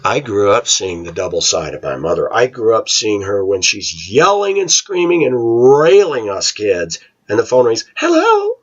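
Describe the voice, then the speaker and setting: Husky-voiced man ranting scornfully. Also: very animated, normal speed, few pauses, fairly bright tone, lo-fi sound. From United States. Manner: opinionated, scornful, mocks voices in falsetto. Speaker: vlogger. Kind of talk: casual ranting monologue.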